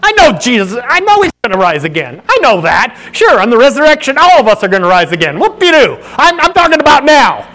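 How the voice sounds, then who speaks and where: A woman's voice: fairly high pitch, sing-song, a little fast, hardly any pauses, a bit bright, low-quality recording. A man voicing a grieving woman who angrily confronts a friend, accusing and pleading. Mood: exasperated.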